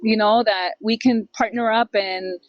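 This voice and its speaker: Animated woman telling a personal story. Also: medium pitch, unhurried, no echo, lo-fi sound. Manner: animated storyteller, acts out quoted voices, mixes in Spanish phrases. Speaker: podcast co-host. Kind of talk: casual storytelling chat.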